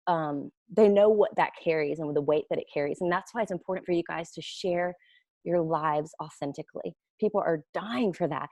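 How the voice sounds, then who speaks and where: A woman's voice: low voice, moderate pace, dry recording. Chatty woman, dry close sound. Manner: chatty, animated storyteller with playful quoted voices. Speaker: network marketing recruiter. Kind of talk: casual webinar talk.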